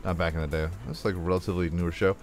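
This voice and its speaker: A man's voice: low voice, steady tone, racing, faint music behind. A young man hosting a gameplay video, telling rambling jokey stories into a desk mic while he plays, with little sound effects. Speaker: let's play host. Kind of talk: casual gameplay chat. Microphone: desk microphone.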